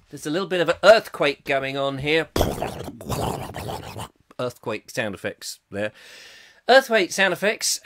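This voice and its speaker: A middle-aged man who hosts a live online chat show. He talks in a lively, bouncing way, his pitch sitting a little high and leaping around as he jokes and reads out viewer comments. He keeps jumping between loud asides and quieter muttering. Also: slight background noise. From England.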